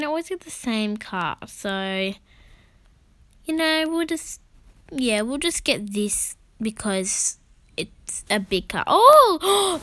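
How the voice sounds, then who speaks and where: Brief: high-pitched woman, casual game commentary, giggly and exclamatory, dry close sound. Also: sharp tone, no room sound. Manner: chatty, giggly, gasping and exclaiming. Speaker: gaming channel host.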